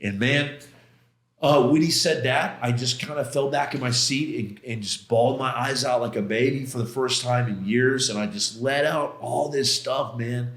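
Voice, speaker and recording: Middle-aged male podcast guest, intense and emotional storyteller, slangy, mid pitch, echoey room. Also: fairly even intonation, moderate pace, a bit bright. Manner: intense, emotional retelling with many quoted exchanges and restarts; casual slangy phrasing. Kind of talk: personal storytelling in a podcast interview. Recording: roomy echo.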